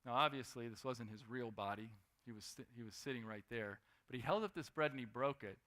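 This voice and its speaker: A young man preaching a sermon, lively, swinging between loud emphasis and quiet asides. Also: mid-range voice, a little fast.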